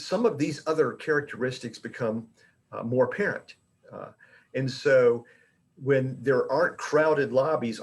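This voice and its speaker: A middle-aged man giving an informal talk to colleagues as an education director, speaking conversationally with frequent fillers and restarts. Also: mid-range voice. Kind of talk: informal presentation.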